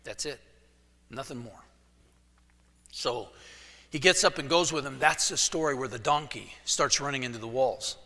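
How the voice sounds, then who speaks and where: A man's voice: medium pitch, moderate pace, sharp tone. A male pastor preaching a sermon as casual, joking storytelling in a church. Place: church sanctuary. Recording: echoey church hall.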